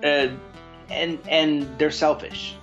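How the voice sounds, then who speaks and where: A man co-hosting a podcast, telling a crude story in a rambling, animated way with lots of restarts. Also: fairly high pitch, slow, highs cut off, faint music behind. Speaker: podcast co-host. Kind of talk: casual chat, storytelling.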